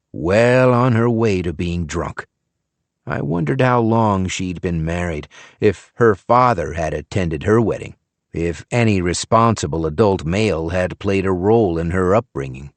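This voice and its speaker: A man narrating an audiobook thriller in a measured, wry tone. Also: low voice, expressive, no room sound. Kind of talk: scripted narration.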